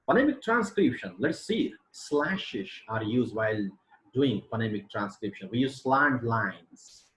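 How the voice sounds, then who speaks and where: Lively-voiced man teaching English phonology. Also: mid-range voice. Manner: slows down to demonstrate stress and intonation on example words. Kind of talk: webinar lecture on phonology. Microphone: computer mic for an online webinar. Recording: roomy echo.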